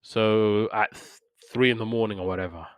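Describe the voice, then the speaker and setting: A man's voice: on the low side, steady tone, normal speed, smooth, no echo. A man hosting a podcast, casually retelling cartoon episodes in a rambling way with lots of fillers and restarts. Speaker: podcast host reviewing old cartoons. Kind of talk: casual review chat.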